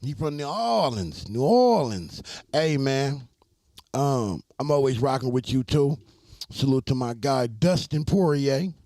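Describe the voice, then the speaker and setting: Man, live-stream host, dark mellow voice, dry close sound, loose joking chatter. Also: medium pitch, dry recording. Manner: chatty, joking, shouts out chat viewers. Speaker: reaction streamer. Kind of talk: casual live-stream commentary.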